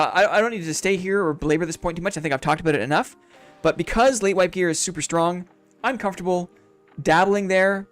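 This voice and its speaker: A man chatting casually on a live game stream, upbeat and reflective, rambling through his thoughts in a friendly way. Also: a little high.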